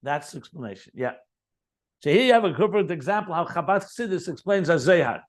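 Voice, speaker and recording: A man's voice: a little high, expressive, fast. A man teaching a Chassidic text, explaining it line by line, repeating key terms and adding enthusiastic asides. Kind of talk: Talmudic-style text study lesson.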